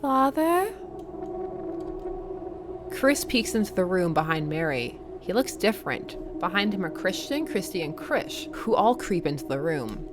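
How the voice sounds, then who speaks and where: A woman's voice: on the low side, sing-song, normal speed, hardly any pauses, background noise. A woman hosting a let's play, reading the game aloud with wry, jokey asides.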